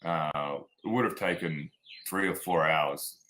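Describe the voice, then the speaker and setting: This Australian performance coach has a rumbling low, sharp voice and an unhurried pace, and the rough recording carries slight background noise. As a casual interview guest he tells stories plainly and frankly, using "like" and "man."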